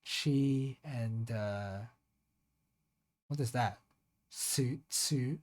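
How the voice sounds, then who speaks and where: A streamer thinking aloud in casual live-stream talk, slowly sounding out Japanese words syllable by syllable and trailing off into mutters. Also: medium pitch.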